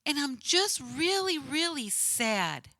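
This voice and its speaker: A woman's voice: sits high, very animated, slow, creaky, pushed and bright, dry recording, studio quality, voice pushed up, exaggerated voice. A woman putting on the voice of an upset little boy, speaking in a wavering, childlike way.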